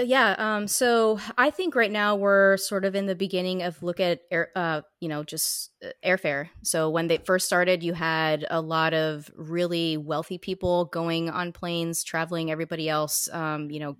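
A woman's voice: lowish voice, fairly bright tone, no room sound, clean studio sound. A woman guest chatting casually about her work, with many fillers and restarts. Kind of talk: casual chat.

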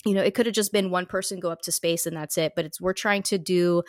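A woman's voice: fairly low pitch, steady tone, fast talker, dry recording, studio quality. A woman guest chatting casually about her work, with many fillers and restarts. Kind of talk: casual chat.

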